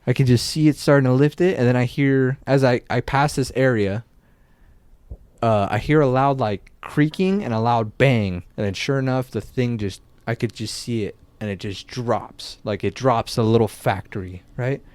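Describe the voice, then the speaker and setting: A young man on a podcast telling a story casually, loose and animated, full of filler words and swearing. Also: medium pitch, moderate pace, no room sound. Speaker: podcast co-host.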